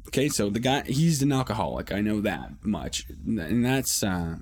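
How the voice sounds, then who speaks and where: A man's voice: fairly low pitch, lively intonation, moderate pace, hardly any pauses, darkish tone. A man hosting a podcast, telling a rambling, profane story in casual monologue with many restarts. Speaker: podcast host.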